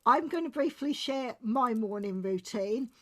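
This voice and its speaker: A woman's voice: a little high, expressive, a little slow. Upbeat woman hosting a panel. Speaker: panel host. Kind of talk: casual chat.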